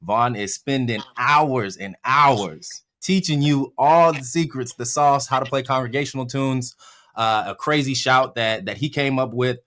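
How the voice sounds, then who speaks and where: A man's voice: medium pitch, measured pace, fairly bright tone. A man hosting a live Q and A, upbeat and chatty, plugging a course and reading out viewers' questions. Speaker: host of a live Q and A.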